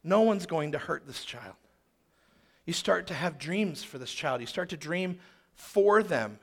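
A man's voice: a little high, expressive, a little slow, fairly bright tone. A man in his thirties telling a personal story in a sermon, emphatic and fond of repeating phrases for rhythm.

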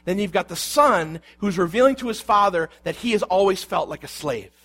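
A man's voice: high voice, lively intonation, moderate pace, fairly bright tone. A man preaching a sermon, reading scripture aloud and explaining it with rhetorical questions. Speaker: pastor.

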